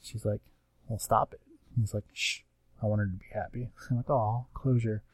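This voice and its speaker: A man with a somewhat low voice talks through a comic issue in a loose, rambling way. He fills the gaps with ums and slips into quick quoted lines from the characters. The sound is dry and close, with no room around him. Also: steady tone, no room sound. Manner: rambling recap with acted-out quotes and many fillers. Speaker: comics podcast co-host. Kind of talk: casual chat.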